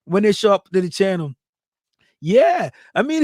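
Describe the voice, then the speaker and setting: Man, high voice, dry close sound, hyped shout-outs, speech, casual livestream host. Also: big pitch swings, moderate pace, no echo. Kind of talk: casual livestream chat reading viewer comments.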